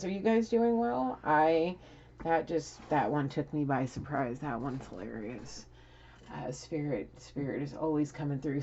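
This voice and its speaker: A woman with a notably low voice gives a loose, chatty spiritual reading to camera from home. She rambles and laughs freely throughout. The recording is a bit muffled, with faint background hiss. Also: a little mellow. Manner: giggly, rambling, laughs often. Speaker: tarot reader. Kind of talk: casual spiritual reading vlog.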